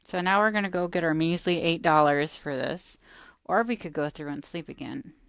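A woman's voice: deep voice, normal speed, smooth, dry recording. A woman giving casual gameplay commentary, chatting to the game's creatures and scolding them playfully. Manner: chatty, talks to the game creatures, mock-scolding, drops to murmurs. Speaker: gameplay video maker.

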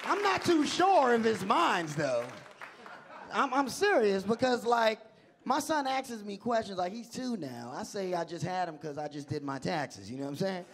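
A young man doing a stand-up comedy set on a club stage, animated and shouting out his punchlines. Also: high-pitched, moderate pace, a faint crowd. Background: audience laughter.

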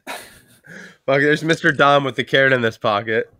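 A man's voice: medium pitch, unhurried, bright, forceful tone, no room sound. A man hosting a casual chat, teasing his friends with crude jokes and frequent laughter.

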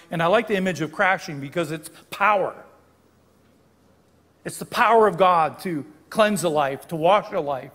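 A guest preacher, an older man, gives a sermon in a church sanctuary where his slightly high, somewhat bright voice trails a long reverb that rings behind each phrase. Expressive and moderately paced with a breathy edge, he explains the text in a conversational teaching style and pauses to fix his own wording.

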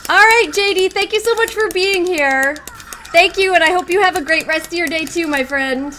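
A woman streaming a fighting game, exclaiming and chatting warmly with her viewers and her cat. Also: extremely high pitch, normal speed, a little hiss or hum. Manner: squealing and exclaiming while playing, chatting to viewers. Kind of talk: excited live-stream commentary.

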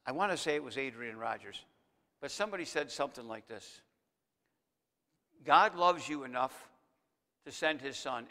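A man's voice: medium pitch, pushed and bright. A man preaching a sermon as pastor, speaking straight to his congregation and building to emphatic peaks. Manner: preaching with rising emphasis, addressing the congregation directly. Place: church sanctuary. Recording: long church reverb.

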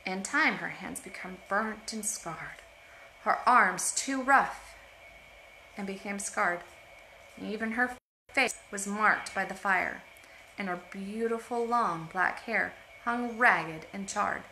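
Bright-voiced woman reading a storybook aloud. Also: medium pitch, takes it slowly, slight background noise. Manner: expressive, with asides about the pictures. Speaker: storytime reader. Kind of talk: reading a picture book aloud to children. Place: at home. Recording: roomy home echo.

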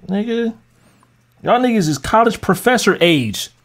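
A man's voice: high voice, lively intonation, measured pace. A man ranting on a live stream to his chat as a music producer, heated, mocking and profane.

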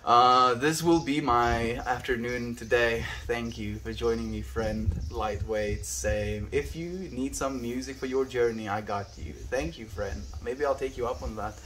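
Laid-back South African streamer, friendly. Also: male voice, mid-range voice, fairly even intonation, a little slow, few pauses, fairly bright tone, a little hiss or hum. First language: Afrikaans. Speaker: livestreamer. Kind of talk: reading and answering live chat. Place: outdoors on a windy day.

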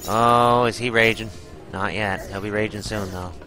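A man's voice: on the low side, steady tone, normal speed, music in the background, poor audio. A man giving live gameplay commentary, exclaiming, groaning and swearing as he fights a boss. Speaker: gaming channel host.

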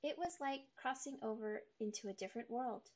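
A woman reading a children's chapter book aloud in a steady storytelling manner. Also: on the high side, fairly quick.

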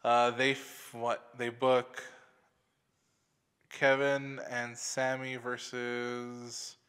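A man's voice: medium pitch, monotone, very slow, a bit bright, smooth, in a large hall. A man co-hosting a wrestling podcast, chatting loosely, swearing often and laughing a lot. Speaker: podcast co-host. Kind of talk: casual chat.

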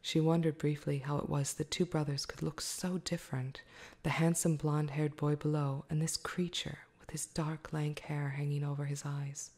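A woman reading a novel aloud in soft-spoken ASMR style, slow and hushed, often slipping into a whisper. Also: low-pitched, little pitch movement, slightly rough. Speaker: ASMR storyteller.

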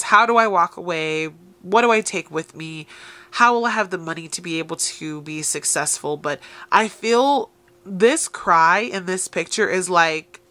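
A woman reads tarot cards aloud to her viewers, urging them on. Her voice is low-pitched for a woman but bright and forceful in tone, and she talks directly and encouragingly. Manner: encouraging, addresses listeners directly. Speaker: tarot reader. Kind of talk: tarot reading addressed to viewers.

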